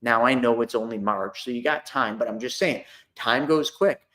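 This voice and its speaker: A man's voice: mid-range voice, normal speed, fairly bright tone. A middle-aged man hosting a casual talk to an online audience, chatty and repetitive, acting out his own phone calls. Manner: conversational, repeats himself, acts out phone calls. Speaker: host of a money and investing talk.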